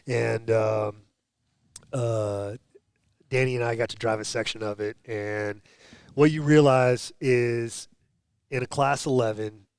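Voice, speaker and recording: A man's voice: mid-range voice, slow, vocal fry, pauses often, clean tone, dry recording. A man chatting as a podcast guest, telling stories with restarts and acted-out quotes. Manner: animated storyteller, restarts and acts out quotes. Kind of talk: casual podcast chat.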